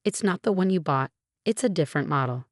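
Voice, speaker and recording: A woman voicing a grim man who works at a car dealership, speaking quietly. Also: low voice, animated, brisk, no echo, studio quality.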